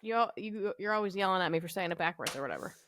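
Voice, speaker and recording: A woman's voice: lowish voice, expressive, rapid-fire, a bit bright, a little hiss or hum. A woman co-hosting a podcast in casual chat, teasing and laughing with her partner. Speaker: podcast co-host.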